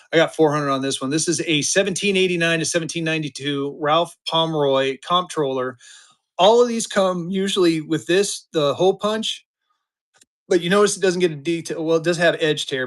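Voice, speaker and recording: A man's voice: medium pitch, fairly bright tone. A man in his fifties running a live-stream auction, with chatty, upbeat patter that hypes the bids. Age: 50s.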